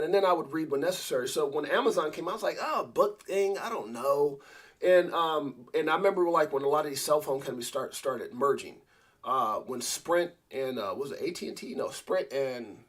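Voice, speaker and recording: A man hosts a casual live stream in a husky, somewhat high voice. He rambles, stops and restarts his sentences, and repeats words as he goes. He talks directly to his viewers and to a co-host. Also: a bit bright. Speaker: crypto livestream host.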